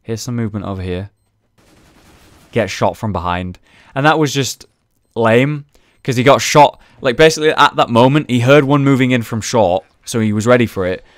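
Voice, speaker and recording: A man's voice: medium pitch, moderate pace, no echo. A young man chatting casually over gameplay footage, recapping rounds and swearing freely. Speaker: gaming video host.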